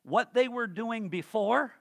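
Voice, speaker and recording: A man with a high voice delivers a sermon in a folksy, joking way, then builds to fervent emphasis. The sound is dry and close, with no room around it. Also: measured pace, creaky, no room sound. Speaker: pastor.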